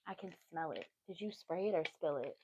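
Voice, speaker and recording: A woman's voice: deep voice, animated, fairly quick, dark tone, highs cut off, a little hiss or hum. A woman giving a casual tarot reading on a livestream, chatty and easily sidetracked, with motherly asides. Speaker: tarot reader.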